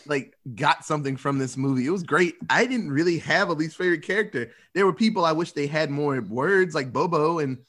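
Male podcast host, loose and rambly, a bit high-pitched. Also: a little fast, hardly any pauses, fairly bright tone. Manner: rambling, swears freely, lots of "like". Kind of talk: casual movie review chat.

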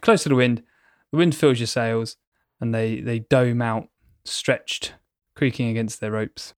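A man's voice: mid-range voice, unhurried, clean tone, no room sound, clean studio sound. A man co-hosting a casual chat, talking in a playful, rambling way and painting vivid pictures with his words. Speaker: podcast co-host.

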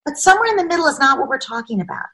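A woman with a slightly high voice, talking through parenting ideas as an expert guest in an interview. She explains with emphasis and slips into the voices of parents and children to make her points. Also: sing-song, rapid-fire, pushed and bright, poor audio. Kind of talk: conversational interview.

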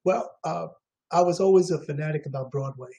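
New man, actor guest, slightly high mellow voice, loose rambling delivery. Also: a little fast, vocal fry, low-quality recording. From Queens, New York. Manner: rambling, full of fillers and restarts, says "man" often. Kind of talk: casual interview talk.

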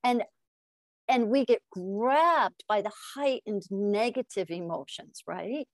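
A middle-aged woman from Connecticut, a hypnotist guest on a podcast interview, telling animated stories, laughing often and repeating phrases for emphasis. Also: medium pitch, slow pace, dry recording.

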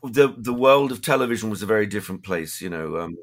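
An older English man from Birmingham, an actor, telling relaxed anecdotes in a casual interview. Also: fairly low pitch, quick pace. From England, Birmingham. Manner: relaxed anecdotal storyteller, self-deprecating. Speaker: actor guest. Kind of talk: casual interview chat, storytelling.

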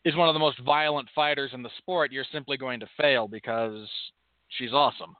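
A man's voice: mid-range voice, fairly even intonation, fairly quick, dry recording. A man co-hosting a casual podcast, talking in a dry, precise, pedantic way as he corrects his co-host. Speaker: podcast co-host and MMA commentator. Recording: tinny phone-like sound, dry.

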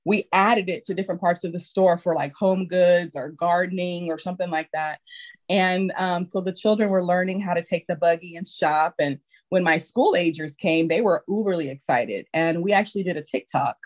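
Animated woman telling a lively story. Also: moderate pace. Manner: animated, acts out quotes in high squeals. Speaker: guest; childcare teacher. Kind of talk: casual storytelling chat.

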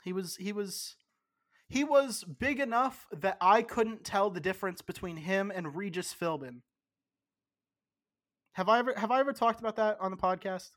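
The voice is male, high-sitting, a bit bright, with lively intonation at a moderate pace. As a podcast co-host who's a little drunk, he rambles and curses through casual banter, repeatedly stumbling and starting over.

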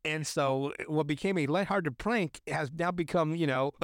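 In a dry, studio-quality recording, a young man hosting a podcast chats casually about a TV episode. His pitch is fairly high and his speed normal, and he's crude, swears often, and rambles with many fillers and restarts.

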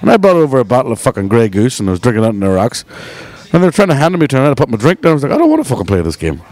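A man's voice: medium pitch, big pitch swings, racing, a little mellow. A man speaking as a podcast guest in casual chat, blunt and profane, telling drinking stories. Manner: blunt, swearing, dismissive storyteller.

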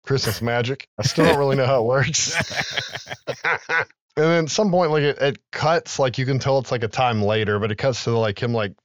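A man's voice: medium pitch, moderate pace, dry recording. A man in his thirties, a podcast co-host, recapping a film in casual chat and acting out its lines with laughs.

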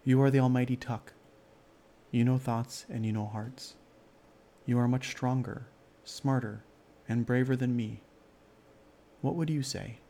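A man's voice: mid-range voice, fairly even intonation, unhurried, long pauses, warm tone. A man voicing a humble, earnest young male elf who speaks deferentially.

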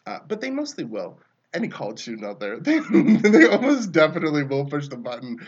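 A man's voice: a little high, wildly swooping pitch, fairly quick, breathy edge, muffled recording. Rambling man reviewing films. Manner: rambling, self-interrupting, laughs mid-sentence. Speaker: film reviewer. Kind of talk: casual film review monologue.

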